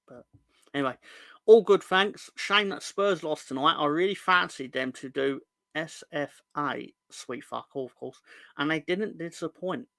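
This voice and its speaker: Man, fan stream host, bright pitch, dry close sound, cheeky rambling banter. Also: measured pace, creaky, no echo. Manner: rambling, jokey, sweary banter with chat. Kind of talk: casual live-stream chat.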